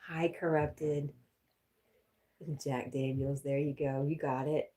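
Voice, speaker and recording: A woman with a notably low voice chats easily on a live stream. She reads out viewer comments in a relaxed, talkative way and laughs often. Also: slow. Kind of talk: casual live-stream chat reading comments.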